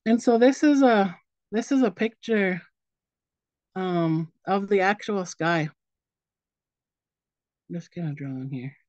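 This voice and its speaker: A woman's voice: medium pitch, takes it slowly, long pauses, no room sound. A woman in her forties leads an online presentation in a loose, storytelling way, with plenty of "um" and "like." Her voice sits in a middle range. The audio is dry and slightly dull, as if from a video call. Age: 40s. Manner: relaxed storytelling with fillers like "um" and "like".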